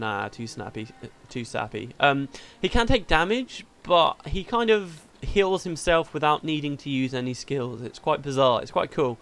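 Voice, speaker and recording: A man's voice: mid-range voice, a bit bright. A man hosting a let's play, chatting casually through the game and laughing easily.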